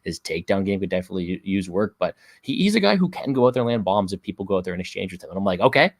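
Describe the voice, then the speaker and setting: A man from Canada, a guest fight analyst on a casual podcast, talking excitably, repeating himself and swearing freely. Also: low voice, rapid-fire, dry recording.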